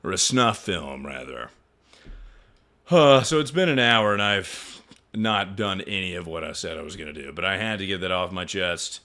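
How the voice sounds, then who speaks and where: A young male streamer telling a story to his chat in casual talk, swearing freely and sounding incredulous. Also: normal speed. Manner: animated, incredulous, swears freely, jumps to high pitch when mocking.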